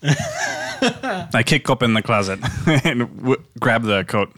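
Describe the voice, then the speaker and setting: A man speaking slowly and deadpan as a player in a tabletop game. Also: medium pitch, dry recording.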